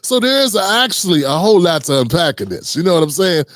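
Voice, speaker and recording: A man's voice: high voice, sing-song, fast talker, fairly bright tone, no echo, clean studio sound. A man hosting a commentary channel, talking casually and earnestly with many restarts and rhetorical questions.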